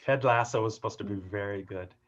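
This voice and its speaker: A man giving an upbeat, joking talk on workplace humor during a video call, with an animated and playful delivery. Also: fairly low pitch, brisk. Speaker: keynote speaker on workplace humor. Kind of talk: upbeat webinar talk with jokes. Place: home office on a video call. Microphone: video call mic. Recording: dull lo-fi video call audio.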